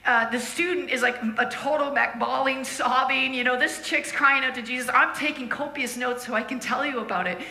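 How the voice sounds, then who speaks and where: Female preacher, animated storyteller, slightly high voice, roomy church sound. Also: brisk, gravelly, hardly any pauses, slight background noise. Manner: lively, laughing, acts out quoted voices. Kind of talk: sermon storytelling.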